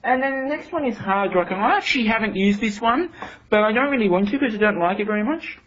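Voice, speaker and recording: A reviewer demonstrating software, explaining things step by step with many restarts. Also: mid-range voice, lively intonation, fast talker. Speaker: product reviewer. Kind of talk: casual demonstration. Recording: dull home recording, faint hiss.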